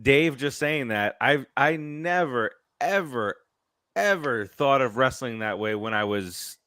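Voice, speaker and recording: A man co-hosting a sports podcast who rambles through his points. His voice is bright and forceful, at a mid pitch. The sound is dry. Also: animated, takes it slowly, clear, resonant tone, no echo. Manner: rambling, restarts, many fillers. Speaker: podcast co-host. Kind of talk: casual sports chat.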